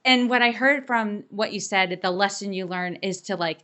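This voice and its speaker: A woman's voice: mid-range voice, normal speed, sharp tone. Supportive woman podcast host. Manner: supportive, emphatic, addressing listeners. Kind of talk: interview conversation.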